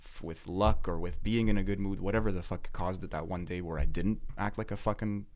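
A man's voice: deep voice, fairly even intonation, a little fast, a little mellow. A man talking in a casual chat, rambling with lots of fillers and swearing.

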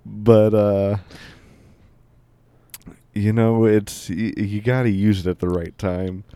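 A man's voice: on the low side, steady tone, slow pace, warm tone, clear, resonant tone, dry recording. A man casually chatting on a podcast, rambling with lots of fillers. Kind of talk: casual chat.

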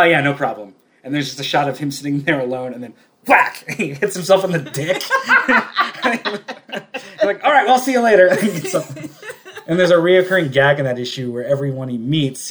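A man in an easygoing podcast conversation, recounting scenes at length with plenty of "like" and little laughs. His voice sits at an ordinary pitch for a man, and he talks like he is retelling a favorite story to a friend. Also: fairly bright tone. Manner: rambling storyteller who retells scenes with lots of "like" and chuckles. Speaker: podcast co-host. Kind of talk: casual chat.

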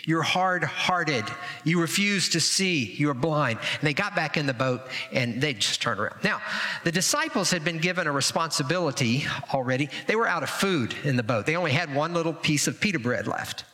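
A man preaching a sermon as pastor, animated and dramatic in retelling the story. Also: fairly quick. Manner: animated, acts out quoted voices with rising pitch. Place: church sanctuary. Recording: reverberant hall.

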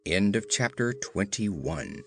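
Casting: male storybook narrator, animated intonation, faint music underneath. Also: fairly low pitch, slow, vocal fry. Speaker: audiobook narrator. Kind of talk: scripted narration.

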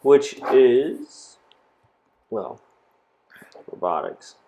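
A man narrating a tabletop role-playing game as game master, describing scenes in a relaxed way with fillers. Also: mid-range voice, drawn-out words, creaky, phone-quality sound, slight background noise.

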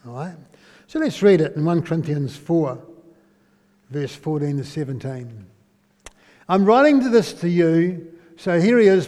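Guy preaching, fairly high voice, chatty, keeps asking the crowd stuff, big echoey hall. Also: warm tone. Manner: asks listeners questions, tags lines with "eh?". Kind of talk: conversational sermon. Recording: long hall reverb.

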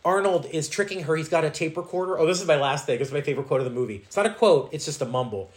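A man co-hosting a podcast, talking through an old action movie in a loose, animated way. He swears freely and acts out quotes from the film. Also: a little high, racing. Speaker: podcast co-host. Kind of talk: casual movie chat.

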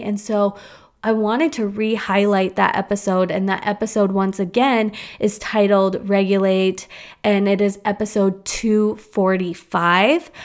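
Young woman podcast host, casual solo chat, rambling, full of restarts. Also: medium pitch. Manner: rambling, chatty, with fillers and restarts. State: hiccups.

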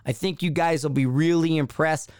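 A man's voice: fairly high pitch, steady tone, normal speed, darkish tone, smooth, no echo, clean studio sound. A man hosting a podcast in casual solo chat. He rambles, with many fillers and restarts. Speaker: podcast host.

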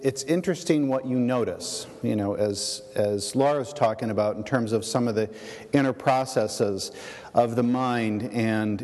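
A man giving a shared sermon as pastor, reflective and halting, with many fillers and restarts. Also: medium pitch, darkish tone, big-room sound.

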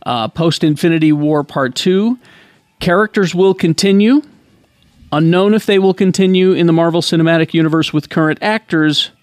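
A man's voice: on the high side, normal speed, smooth, dry recording. A man hosting a casual podcast chat, reading out news with frequent fillers and restarts. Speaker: podcast host.

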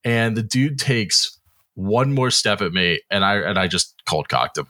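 A man's voice: lowish voice, a little slow. A man in his thirties co-hosting a podcast, telling a story in casual chat, acting out what people said and swearing freely. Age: 30s. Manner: animated storyteller, acts out quotes, swears freely. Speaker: podcast co-host.

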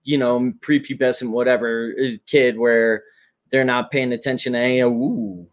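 A man co-hosting a casual podcast chat. He answers slowly and hesitantly, pausing on ums and uhs while he searches for words. His voice sits at an everyday middle pitch. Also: steady tone. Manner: hesitant, halting, many fillers. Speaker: podcast co-host.

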